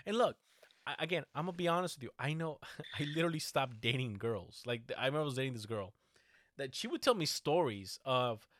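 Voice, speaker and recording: A man's voice: mid-range voice, animated, a little fast, fairly bright tone, dry recording, studio quality. A man ranting animatedly in a casual chat, swearing often and getting worked up.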